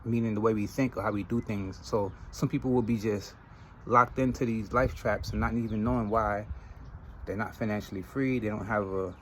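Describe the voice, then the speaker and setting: A Trinidadian man hosting a podcast in a casual monologue, telling animated stories and laughing often. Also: on the low side, normal speed, a little hiss or hum, poor audio. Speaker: podcast host.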